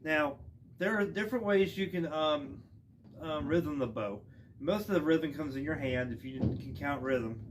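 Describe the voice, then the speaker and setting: A man giving a casual instrument lesson outdoors, relaxed and rambling with plenty of ums and restarts. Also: fairly high pitch, measured pace, background noise. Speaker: music teacher. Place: outdoors with wind. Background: bowed string instrument playing.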